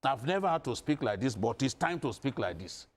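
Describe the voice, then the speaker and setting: A man's voice: medium pitch, sing-song, fairly quick. A man from northern Nigeria speaking as a guest on a news panel, emphatic and insistent, hammering his points with repetition. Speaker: studio guest commentator. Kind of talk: impassioned panel discussion.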